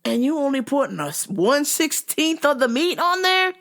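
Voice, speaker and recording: A woman tells a comedic story in a rant, her pitch bouncing high and low as she goes. She swears freely and keeps dropping into mimicked voices. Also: moderate pace. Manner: animated, profane, slips into mimicked voices. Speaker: vlog host.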